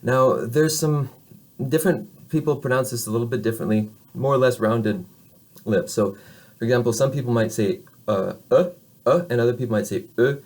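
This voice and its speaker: A man teaching beginner French pronunciation, explaining casually, correcting himself and modeling sounds slowly. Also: mid-range voice, a little mellow.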